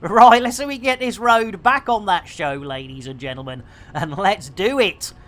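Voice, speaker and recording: A man's voice: sits high, animated, moderate pace, fairly bright tone. A British man gives jokey, rambling commentary on a game stream into a desk mic. His voice bounces up and down constantly. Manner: jokey, rambling, innuendo-laden. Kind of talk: comedic live gameplay commentary.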